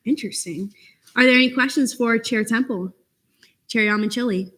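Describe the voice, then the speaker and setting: Bright-voiced young woman chairing a meeting. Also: a little high. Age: young adult. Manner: brisk, procedural, calls on speakers. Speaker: meeting presiding officer.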